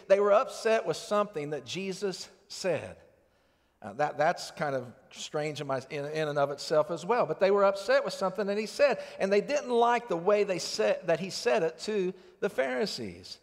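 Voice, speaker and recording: Man, pastor, high voice, earnest conversational sermon, long church reverb. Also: expressive, moderate pace, vocal fry. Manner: earnest, conversational preaching with rhetorical questions. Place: church sanctuary.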